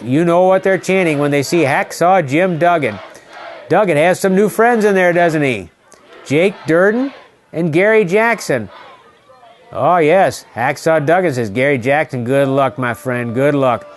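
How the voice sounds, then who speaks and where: St louis guy, kinda high voice, doing excited ringside wrestling play-by-play, yells the big spots. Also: slight background noise. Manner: excited, repeats calls, shouts at big moments. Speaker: wrestling commentator. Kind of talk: play-by-play commentary. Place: ringside at a community center.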